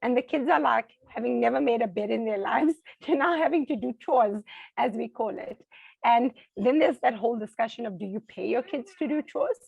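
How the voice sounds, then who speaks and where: South African woman, middle-aged, gravelly and husky, lively storyteller, casual interview. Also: fairly high pitch, normal speed, dry recording, phone-quality sound. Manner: animated storyteller, acts out quoted voices. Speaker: interview guest. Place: home.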